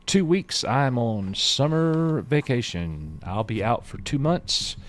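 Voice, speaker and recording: A man's voice: medium pitch, sing-song, takes it slowly. A man co-hosting a casual live stream, chatting loosely and reading viewer messages aloud. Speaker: show co-host.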